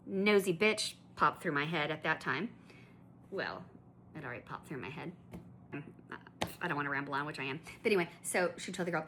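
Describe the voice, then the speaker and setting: A woman's voice: lowish voice, fairly quick, bright, forceful tone, a little hiss or hum. A woman vlogger telling a shopping story in a chatty, indignant way, full of asides and restarts. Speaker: collector vlogger. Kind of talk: casual ranting storytelling.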